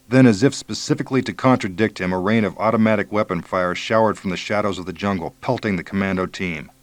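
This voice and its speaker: Low-voiced male audiobook narrator. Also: fast, few pauses, no room sound.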